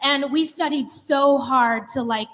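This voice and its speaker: A woman in her thirties telling a comedic personal story, animated and laughing, chatty with lots of "like". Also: high-pitched, a little slow, slight background noise. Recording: long hall reverb.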